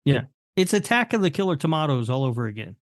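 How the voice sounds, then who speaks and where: A man co-hosting a horror movie podcast, casual and blunt, flatly dismissive. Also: mid-range voice, fast talker, no room sound, studio quality. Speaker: podcast co-host. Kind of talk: casual chat.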